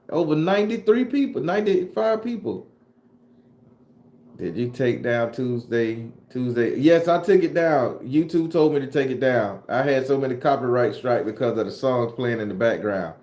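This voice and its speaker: Medium in pitch with lively intonation, he talks at a moderate pace in a darkish tone. A Southern US accent marks this southern Florida tarot reader, who hosts a casual livestream and answers chat in loose, profane slang. His room echoes.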